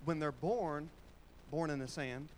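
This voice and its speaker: A man's voice: a little high, a little slow, slight background noise. A man preaching a sermon in a church, moving between casual storytelling and call-and-response with the congregation, using colloquial phrasing. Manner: conversational, with Southern-style colloquial phrasing.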